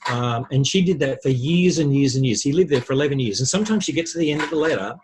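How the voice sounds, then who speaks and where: A man, a podcast guest, explaining ideas with lively anecdotes and worked examples. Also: mid-range voice, fast talker. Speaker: podcast guest, relationships speaker. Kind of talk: conversational storytelling.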